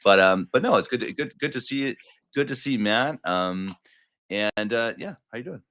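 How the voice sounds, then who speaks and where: A man co-hosting a podcast in friendly, easygoing chat with halting restarts. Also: mid-range voice, lively intonation, fairly bright tone. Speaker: podcast co-host. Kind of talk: casual chat.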